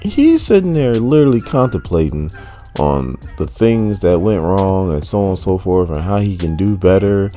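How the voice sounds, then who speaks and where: Casual male comic recapper, very deep voice, faint music bed. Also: very animated, moderate pace, dark tone. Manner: casual, joking asides. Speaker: comic book recap host.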